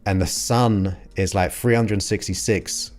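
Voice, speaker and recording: A man's voice: deep voice, steady tone, measured pace, darkish tone, faint music behind. A man from England hosting his show, chatting casually and enthusiastically with viewers. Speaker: podcast host. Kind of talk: casual livestream chat.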